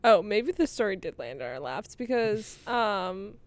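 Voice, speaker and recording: A woman's voice: mid-range voice, a little slow, no room sound. A young woman co-hosting a podcast, chatting casually and acting out quotes as she tells stories. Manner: animated storyteller, acts out quotes. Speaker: podcast co-host. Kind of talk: casual chat.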